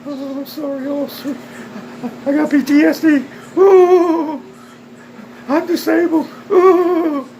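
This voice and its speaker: A man mockingly voicing a whiny male arrestee who begs police for pity in a high, simpering tone. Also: steady tone, takes it slowly, a little mellow, slight background noise, exaggerated voice, rough recording. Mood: whining. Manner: high, simpering, self-pitying whine.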